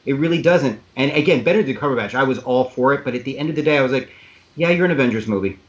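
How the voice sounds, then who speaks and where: A man on a video-call panel who rambles and argues his opinions in a casual way. His voice sits at an ordinary middle pitch. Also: very fast, dull audio. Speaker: panel guest.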